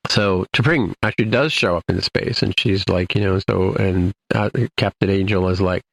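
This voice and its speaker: A man's voice: low-pitched, moderate pace, vocal fry. A man co-hosting a podcast, casually recapping an episode in a rambling way, full of restarts and "you know". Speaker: podcast co-host.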